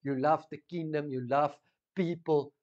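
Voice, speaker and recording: A man with a South African accent preaching a sermon, swinging from loud emphasis down to hushed intensity. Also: fairly high pitch, fairly even intonation, a little slow, lo-fi sound. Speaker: pastor.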